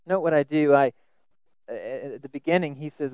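A man preaching a sermon, earnest, often repeating words as he stresses a point, swinging between loud emphasis and soft asides. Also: fairly high pitch, animated, brisk, clean tone, no echo, rough recording.

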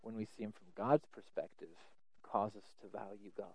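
A man preaching a sermon, earnest, often repeating words as he stresses a point, swinging between loud emphasis and soft asides. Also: fairly low pitch, steady tone, moderate pace, no echo, rough recording.

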